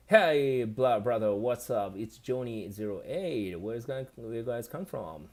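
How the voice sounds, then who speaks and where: A man's voice: mid-range voice, lively intonation, a little slow, darkish tone. A man from Japan with a Japanese accent, chatting casually on his live stream and answering viewer comments.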